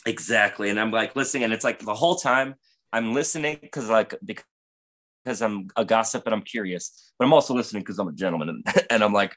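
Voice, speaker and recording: Speaking briskly in a fairly low, slightly bright voice, a man on a casual podcast, either guest or host, spins a comedic story. It's profane and rambling, packed with fillers.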